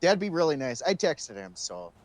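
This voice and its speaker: A man speaking in character during a role-play chat, earnest with a self-pitying streak. His voice sits a little above the usual male pitch. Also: sing-song, normal speed, a little mellow. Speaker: role-play character seeking a record expungement.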